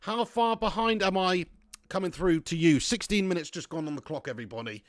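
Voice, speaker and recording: Chatty guy hosting a football watch-along, jokey rambling banter, slightly high voice, dry sound. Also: fairly quick, dry recording. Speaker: livestream host reading viewer chat.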